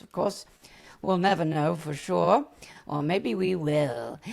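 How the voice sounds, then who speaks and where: A man voicing a pompous male conspiracy podcast host with a slow, grave announcer delivery. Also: sits high, vocal fry, a bit bright, exaggerated voice.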